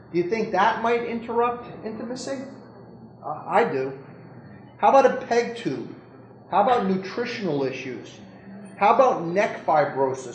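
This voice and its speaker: A doctor giving an informal medical lecture to an audience, talking conversationally, joking and putting questions to the listeners. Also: male voice, high voice. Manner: conversational, jokey, keeps asking the audience questions. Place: lecture room. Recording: roomy echo with faint background noise.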